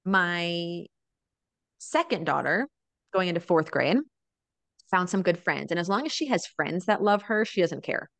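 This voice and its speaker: Appearing as a guest in a relaxed interview, this mother of four in her thirties, who lives abroad, shares lively family stories and frequently adds "right?". She speaks a little slowly in a lowish voice with vocal fry, and the recording has no echo.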